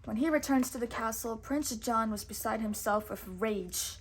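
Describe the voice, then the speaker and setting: A woman teacher reading a storybook aloud slowly and carefully. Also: a little high, a little hiss or hum.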